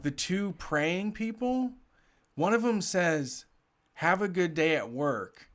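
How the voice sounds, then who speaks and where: A fairly high-voiced man spins a long, animated story in loose, profane chat. He talks in quick bursts full of fillers and restarts, breaking into laughter here and there. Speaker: podcast host telling a story. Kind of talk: casual storytelling.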